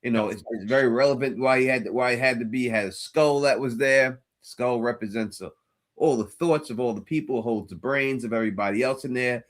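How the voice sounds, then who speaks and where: A man's voice: mid-range voice, brisk. A man in a casual recap chat, earnestly spinning theories and repeating words as he thinks.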